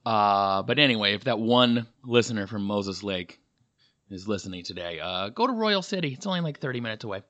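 A man talks through his podcast in a loose, joking ramble, and his pitch swings widely. His voice is bright and forceful, and the recording sounds a bit dull, as if made in a hotel room. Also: brisk. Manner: rambling, jokey, animated, lots of fillers. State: slightly dehydrated. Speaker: podcast host. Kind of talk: casual comedic monologue. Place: hotel room with a heater running.

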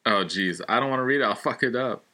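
A man's voice: mid-range voice, fast, sharp tone. A man co-hosting a casual show who laughs easily and stumbles over reading jokes aloud. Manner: giggly, self-deprecating, stumbles over reading. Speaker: podcast co-host.

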